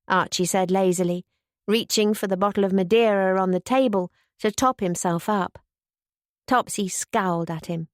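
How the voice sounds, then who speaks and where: A woman reading a novel aloud as an audiobook narrator, in an even, gentle storytelling manner. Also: medium pitch, normal speed, dry recording, studio quality. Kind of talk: scripted narration.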